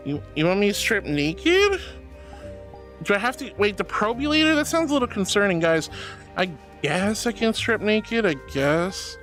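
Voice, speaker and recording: A woman streaming as a VTuber, chatting casually and playfully with her viewers and teasing them in squeaky, cutesy tones. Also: big pitch swings, moderate pace, fairly bright tone, soft background music. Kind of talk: casual live-stream chat.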